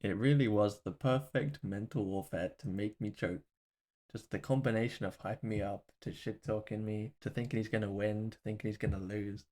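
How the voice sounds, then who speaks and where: A man's voice: fairly low pitch, fairly even intonation, moderate pace, dark tone. A man doing voice-over commentary on his own game match, candid and self-deprecating as he walks through his mistakes. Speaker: gaming video host.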